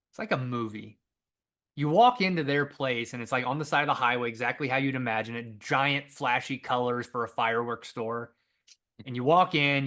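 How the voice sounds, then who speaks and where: A young adult man with a bright, forceful voice tells an outdoors story as a podcast guest. He talks animatedly and acts out the people he quotes. His pitch sits in the middle range for a man. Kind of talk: conversational storytelling.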